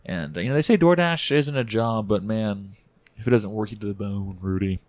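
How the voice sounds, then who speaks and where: A man's voice: lowish voice, fairly quick, darkish tone, no room sound. A young man hosting a podcast in rambling, playful casual chat, laughing often. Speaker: podcast host.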